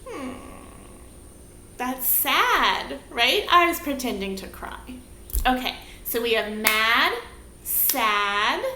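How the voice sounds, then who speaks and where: A woman leads young children through a rhyming dance lesson, asking sing-song questions at a slow, patient pace. Her fairly high voice swoops up and down with lots of life. She sounds a little distant in an echoey room. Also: lively intonation, sharp tone. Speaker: movement teacher. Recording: echoey room, faint background hiss.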